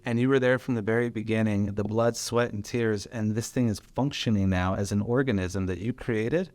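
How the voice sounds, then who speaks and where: A man hosting a casual podcast conversation, an animated storyteller who swears freely as he talks about running his business. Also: lowish voice, moderate pace, dry recording. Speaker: podcast host and business owner.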